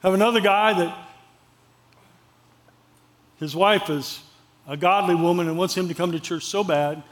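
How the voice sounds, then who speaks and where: A pastor with a high voice delivers a sermon. He talks in a conversational, storytelling way and drives home points by repeating phrases. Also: normal speed.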